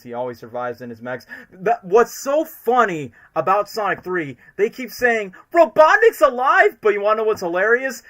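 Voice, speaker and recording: A man hosting a livestream, talking in an excitable, rambling way as an eager fan. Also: fairly high pitch. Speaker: streamer host. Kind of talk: casual livestream commentary.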